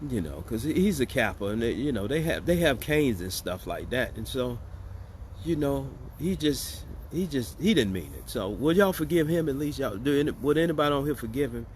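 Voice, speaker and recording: A man hosts a casual commentary show, bantering in a sarcastic, joking way and addressing his audience directly. His voice sits at an ordinary pitch, and a faint hiss of noise runs under it. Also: expressive, brisk. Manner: joking, sarcastic and chatty, addressing viewers as y'all. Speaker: host.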